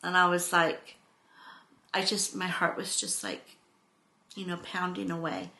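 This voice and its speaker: A middle-aged woman vlogging, telling a personal story in a rambling, expressive way. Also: on the low side, unhurried, gravelly. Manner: rambling, expressive, acts out quotes with exclamations.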